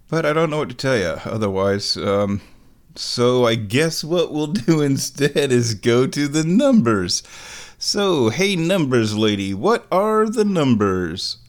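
Male comedy host, young adult, unhurried deadpan delivery, mid-pitched voice. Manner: deadpan, drawn-out, mock-dramatic. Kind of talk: rambling comedic monologue.

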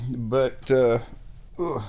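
A man hosting a casual show at his microphone, playful, dropping into high baby talk for his cat. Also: drawn-out words, dark tone. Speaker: radio host. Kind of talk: casual chat. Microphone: studio microphone.

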